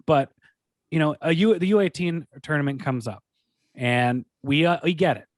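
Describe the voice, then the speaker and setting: A man co-hosting a sports podcast, telling stories in a rambling, animated way full of restarts. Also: on the high side, normal speed, no echo. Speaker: podcast co-host. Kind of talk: casual sports talk.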